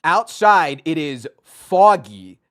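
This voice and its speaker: A man's voice: fairly high pitch, slow pace, a bit bright. A man from Virginia, a streamer on a call, talking casually and rambling, repeating words while he searches for them. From Virginia, United States.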